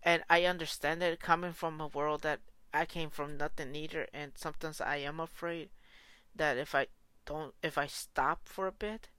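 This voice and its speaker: A woman talking in a casual reaction vlog, excitable and gushing, with slangy phrasing and frequent restarts. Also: deep voice, moderate pace, clean tone, no echo. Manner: slangy, informal.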